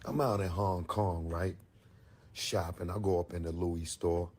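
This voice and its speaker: A male comedian telling a story in an animated, exaggerated way, jumping into high-pitched outbursts. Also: unhurried. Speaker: comedian host.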